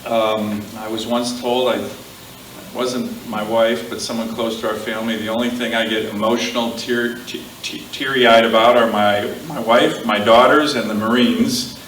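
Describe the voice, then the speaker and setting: Man giving a halting memorial speech. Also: medium pitch, steady tone, a little hiss or hum. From Alaska. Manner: halting, fillers, warm joking asides. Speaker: speaker at a memorial. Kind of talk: public eulogy speech. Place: outdoor gathering with a crowd. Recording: echoey, distant amateur crowd recording.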